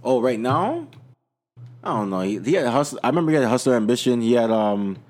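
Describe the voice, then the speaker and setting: Relaxed man with a lively voice. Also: mid-range voice, fairly quick, a little hiss or hum. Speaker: radio co-host. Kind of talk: casual chat.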